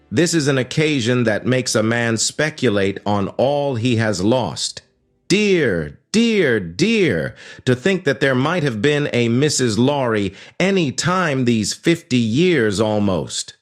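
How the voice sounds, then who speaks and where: A man voicing a gentle, fussy old bachelor banker in an audiobook, speaking with fond, old-fashioned courtesy. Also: medium pitch, sing-song, takes it slowly, soft background music. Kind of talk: audiobook character voice.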